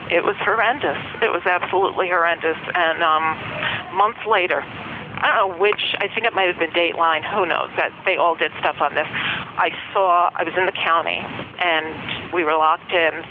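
A woman telling her own story in an interview, in a halting, emotional way with many restarts. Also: lowish voice, background noise. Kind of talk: personal account in an interview. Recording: muffled audio under loud music.

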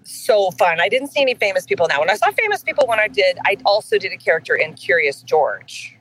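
A woman voice actor chatting in an interview, animated and self-deprecating, laughing often as she tells stories. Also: mid-range voice, fast, breathy edge, poor audio. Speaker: voice actor guest. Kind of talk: casual interview chat.

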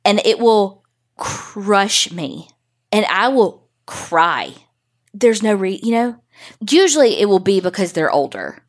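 A woman's voice: mid-range voice, sing-song, slow pace. Young adult woman, podcast co-host; emotional, rambling chat, reads listener letters. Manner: emotional, swears freely, rambling. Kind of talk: casual chat and reading listener stories.

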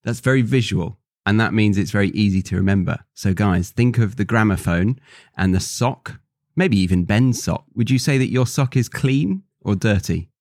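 A man's voice: on the low side, normal speed, darkish tone, no room sound, clean studio sound. A man with an English accent hosting a casual educational podcast, asking questions and speaking directly to listeners. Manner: friendly, asks questions, addresses listeners as guys. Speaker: podcast host and English teacher. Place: studio.

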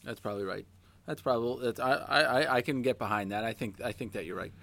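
A man's voice: medium pitch, fast, creaky, a bit bright. A man hosting a casual conversation, encouraging and following up with questions. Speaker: host. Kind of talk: casual podcast chat.

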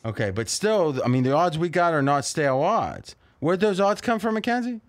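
A man's voice: on the high side, expressive. Joking, rambling male sports-betting host. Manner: joking, interrupting, quick rambling banter. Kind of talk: casual sports talk.

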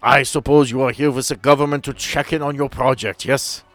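A man's voice: mid-range voice, steady tone, a little fast, fairly bright tone, faint music behind, voice pushed up, natural voice. A man voicing an older, thin male doctor with a German accent, courtly and curious, who often ends remarks with a questioning "yes?". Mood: genial.

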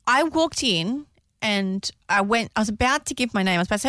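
A woman's voice: mid-range voice, expressive, fast talker, a bit bright, no room sound, clean studio sound. A woman co-hosting a radio show, telling a story with dramatic flair. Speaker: radio co-host. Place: radio studio.

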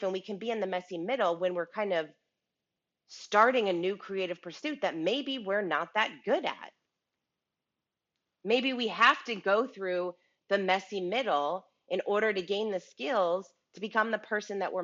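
This woman on a business show has a medium-pitched, fairly bright voice and speaks at a moderate pace, though the audio sounds dull. Her motivational talk is casual and chatty, full of restarted and repeated words and frequent "right?" check-ins with the listener.

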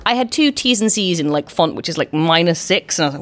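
A woman hosting a casual panel discussion, quick and animated, often repeating words as she starts a thought. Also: sits low. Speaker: podcast host.

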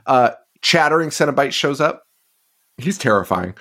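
A podcast co-host recaps films in casual chat, swearing, laughing and rambling as he goes. His voice is mid-range and a bit bright, with lively intonation and a moderate pace.

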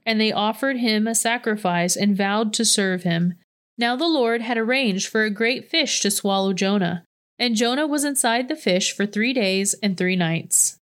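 A woman reading a Bible passage aloud in a steady, measured way. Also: medium pitch, clear, resonant tone. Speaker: scripture reader.

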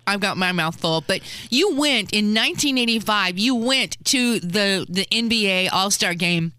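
A man's voice: high-pitched, lively intonation, normal speed, bright, forceful tone, smooth, no room sound. A man co-hosting a radio show in casual chat, full of eager interjections. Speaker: radio co-host.

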